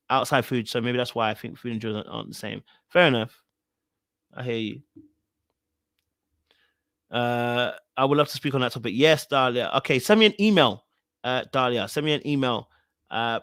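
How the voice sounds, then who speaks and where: A man's voice: medium pitch, a little fast, fairly bright tone, no room sound. A man hosting a live podcast stream in casual chat, loosely talking and reading out viewer comments.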